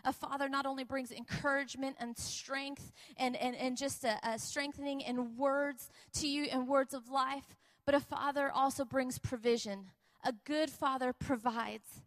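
A woman preacher and missionary telling a personal testimony in an emphatic, repetitive, animated way. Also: sits high. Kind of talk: testimony sermon.

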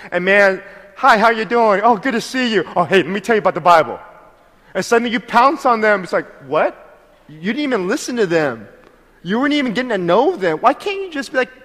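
A man preaching a lively sermon, acting out voices and building to shouted praise. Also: sits high. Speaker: pastor. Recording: hall reverb.

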